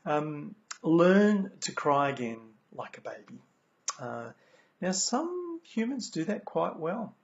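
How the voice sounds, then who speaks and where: A man's voice: on the high side, sing-song, takes it slowly. An Australian man giving a motivational talk about lessons from his recovery, earnest, repeating key phrases, with many ums. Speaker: speaker sharing recovery lessons. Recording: dull lo-fi recording.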